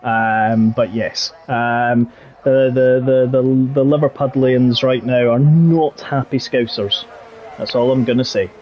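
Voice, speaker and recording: A man's voice: mid-range voice, fairly even intonation, takes it slowly, lo-fi sound. A man with a Yorkshire accent commentating a racing game live, chatty and jokey. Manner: chatty and jokey, drifting into banter. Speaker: league race commentator.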